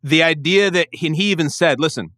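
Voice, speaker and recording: A man talking in an animated, joking way on a podcast, often swearing. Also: medium pitch, brisk, no echo, studio quality. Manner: animated, profane, jokey. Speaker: podcast guest. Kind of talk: casual chat.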